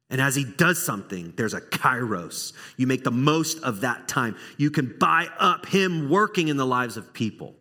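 A man preaching a sermon to his church, conversational and animated, now and then acting out little exchanges between people. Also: mid-range voice, normal speed, few pauses. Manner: animated, conversational, acts out small dialogues. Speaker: pastor. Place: church sanctuary.

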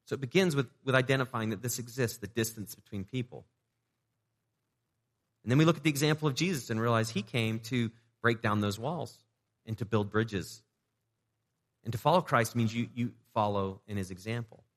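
Man, pastor, sermon, conversational, rhetorical questions, middle pitch, reverberant hall. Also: normal speed. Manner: repeats words as he restarts.

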